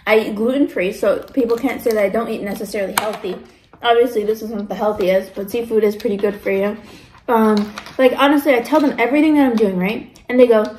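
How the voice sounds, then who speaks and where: A chatty young woman talks through a casual eating vlog and slips into other people's voices as she tells her stories. Her voice sits a little high. The room around her is noticeably echoey. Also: fairly quick, a little hiss or hum. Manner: chatty, animated storytelling with mimicked voices. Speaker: mukbang vlogger. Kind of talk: casual chat while eating.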